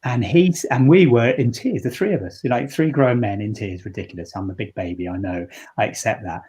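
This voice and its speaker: A man's voice: lowish voice, brisk, warm tone, breathy edge. A man, a leadership coach speaking earnestly and reflectively in an interview, often restarting his sentences. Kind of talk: interview answer.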